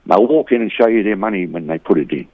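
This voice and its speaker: A middle-aged Australian man with a lowish voice talks in a loose, rambling way, throwing "mate" into almost every line. The sound is dry and a bit muffled, with no room around it. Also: animated, fast, no room sound. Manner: rambling, says "mate" constantly, blokey banter. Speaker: boxing community volunteer, interview guest. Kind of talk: casual interview chat.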